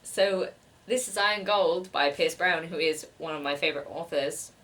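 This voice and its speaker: A woman's voice: sits low, moderate pace, fairly bright tone. A young woman chatting casually as a book vlogger, giggly and gushing about her gifts. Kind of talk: casual chat.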